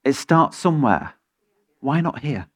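A man's voice: mid-range voice, lively intonation, measured pace, husky. A man preaching an impassioned sermon as pastor, firing questions at the congregation. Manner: impassioned, rising to emphatic peaks, asks the congregation many questions.

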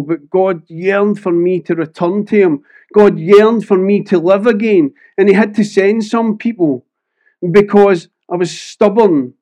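Earnest Scottish preacher, high voice. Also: male voice, a little mellow. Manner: earnest, conversational, many restarts. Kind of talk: personal testimony sermon.

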